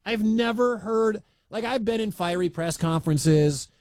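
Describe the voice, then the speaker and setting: A man from the Midwestern US hosting sports talk radio, talking in an animated, conversational and emphatic way. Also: sits high, unhurried, no echo.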